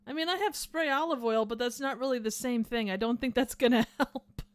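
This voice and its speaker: A woman's voice: on the high side, fairly quick, clear, resonant tone. A woman hosting a livestream, chatting casually and rambling as she reads out the chat. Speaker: livestream host.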